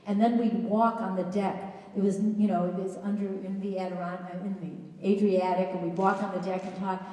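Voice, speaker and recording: A woman's voice: medium pitch, flat delivery, fairly quick, mellow. A woman introducing a guest at a college event in a chatty, enthusiastic speech full of restarts and asides. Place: large hall at a college event. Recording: echoey hall, voice picked up from a distance.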